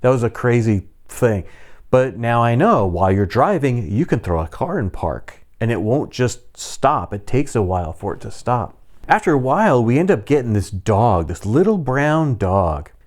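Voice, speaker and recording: A man in his fifties casually telling a personal story, lively and full of mimicked sounds and voices. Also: medium pitch, moderate pace. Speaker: storyteller vlogger.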